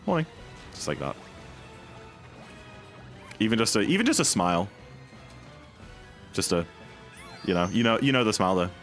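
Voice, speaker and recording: Low-voiced rambling male streamer. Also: expressive, normal speed, long pauses, a bit bright, soft background music. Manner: rambling, filler-heavy, playful asides. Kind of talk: casual chat while speedrunning.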